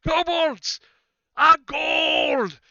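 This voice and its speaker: A man voicing a drunk, panicking male kobold pirate captain who shouts shrill orders. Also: huge pitch swings, very slow, no echo, muffled recording, full character voice. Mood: rallying. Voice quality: shrill, yelling.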